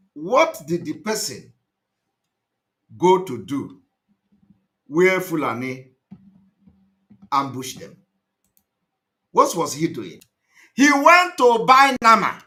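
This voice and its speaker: A man hosts his own online show, giving a fervent, repetitive monologue. His voice sits high and bright, and it swings widely in pitch, rising to loud outbursts before dropping to low asides. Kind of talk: impassioned commentary monologue.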